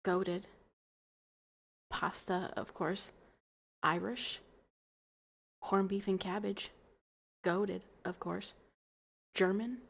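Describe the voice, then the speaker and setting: A young woman streamer, tipsy from wine, rambles playfully to her viewers. Her voice is gravelly and husky, and she talks slowly, often sinking into soft mumbles. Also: mid-range voice, steady tone. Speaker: livestream host. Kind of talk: casual chat to stream viewers.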